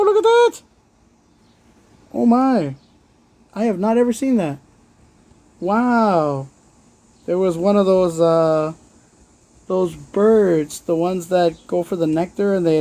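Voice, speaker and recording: A man's voice: fairly high pitch, dark tone. A man hosting a live stream from his phone, giving blunt, earnest pep talk to his viewers and swearing freely. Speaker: livestream host. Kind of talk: casual motivational livestream talk.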